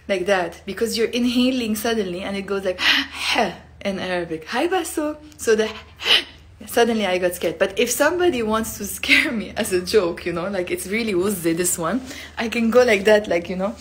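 A woman, teaching a casual live lesson in a chatty way, laughing often and acting out sounds. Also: mid-range voice. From Lebanon. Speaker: Arabic teacher.

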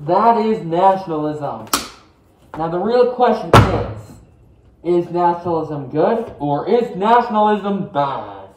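A young man playing a kindly old grandfather who talks gently to his grandkids at bedtime in a school skit. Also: sits high, lively intonation, slow, slight background noise. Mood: gentle. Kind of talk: amateur school skit acting. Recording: roomy echo.

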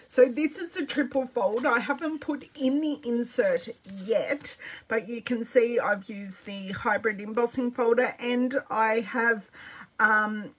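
A woman's voice: fairly high pitch, a bit bright, husky. A middle-aged Australian woman hosting a casual crafting livestream, chatting and greeting viewers by name as she works. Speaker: craft demonstrator livestream host.

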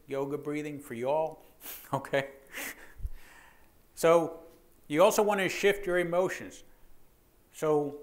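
Male police trainer, 50s, slightly high pitch; lively anecdotal lecturer, repeats himself. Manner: lively, joking storyteller who repeats words and checks in with "okay?". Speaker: police officer training civilians.

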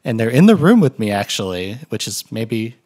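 A man's voice: on the low side, sing-song, moderate pace, a little mellow. A man hosting a casual podcast, rambling and correcting himself with a joking tone. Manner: rambling, self-correcting and jokey. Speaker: podcast host. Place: room shared with guests.

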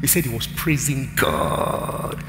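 Nigerian pastor preaching in an echoing hall. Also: male voice, medium pitch, sing-song, slow. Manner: preaching with shouted, sing-song declarations and storytelling. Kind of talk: live church sermon. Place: large church hall. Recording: roomy church hall with music behind.

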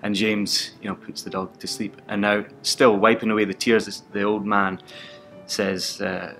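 A young man retells stories casually, chuckling and acting out quotes. His voice sits a bit low, and soft guitar music plays faintly behind. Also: normal speed, creaky. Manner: animated, laughs often, acts out quotes. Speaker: actor and audiobook narrator.

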